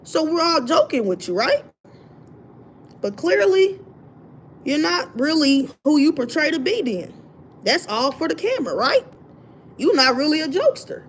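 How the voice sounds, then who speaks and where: A woman with a slightly high voice rants on her own livestream, retelling what happened with animated indignation. Her talk is loose and conversational, with a faint hum of room noise underneath. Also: a little slow, long pauses. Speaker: livestream host. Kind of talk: casual livestream rant.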